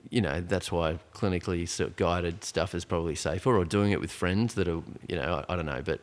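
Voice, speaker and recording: Podcast guest, male, around 40, deep voice, loose storyteller who keeps restarting. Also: brisk. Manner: rambling, full of restarts and "like". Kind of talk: casual storytelling conversation.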